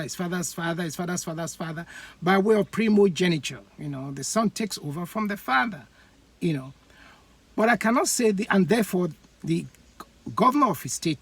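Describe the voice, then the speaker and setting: A host from Edo State in Nigeria, speaking, giving a laughing commentary monologue with comic examples and halting fillers. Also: mid-range voice, husky, no room sound. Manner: animated, laughing, acts out voices.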